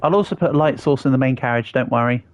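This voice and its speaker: This is a medium-pitched male voice speaking fast: an English streamer in his thirties who builds while chatting casually and responding to comments from viewers.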